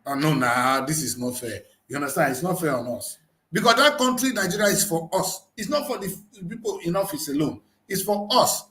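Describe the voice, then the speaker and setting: A man hosting a newspaper review show, arguing in an animated, emphatic way full of rhetorical questions. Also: on the high side, brisk. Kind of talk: heated studio discussion. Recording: roomy studio echo.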